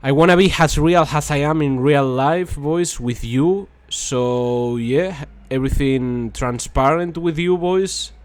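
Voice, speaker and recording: A young male gaming video host rambles through casual gameplay commentary, repeatedly saying "boys" and "that's crazy" between frustrated asides. His voice is on the high side, slow and with few pauses, captured on a dry close mic.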